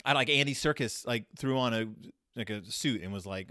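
A man's voice: fairly quick, no echo, clean studio sound. A man casually hosting a podcast, reviewing a children's book in a rambling, sarcastic monologue. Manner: rambling, sarcastic, animated swings in pitch and loudness.

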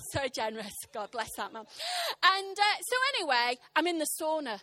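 A woman in her thirties preaching a sermon, telling a funny story with animated, impassioned, punchy delivery to a church congregation. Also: high voice, moderate pace, pauses often. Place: church service.

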